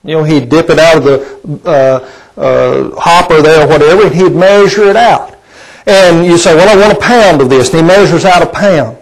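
A man delivers a sermon in a slightly high-pitched voice. His preaching is conversational and folksy, with ums and restarts, and he keeps turning to his listeners with rhetorical questions. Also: moderate pace, poor audio. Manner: asks the congregation rhetorical questions.

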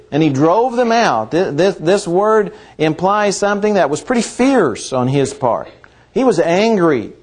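A man preaching a sermon in a church, his voice sitting a little higher than most men's. He poses question after question to the congregation and slows right down to lean on the words that matter. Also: darkish tone. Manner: slow deliberate emphasis on key words, rhetorical questions.

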